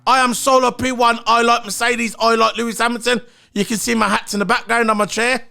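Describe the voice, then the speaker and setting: A man's voice: extremely high pitch, flat delivery, fairly quick, creaky, sharp tone, faint music behind. A man giving a blunt, opinionated solo review of a race, swearing and repeating his points. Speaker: motorsport commentator.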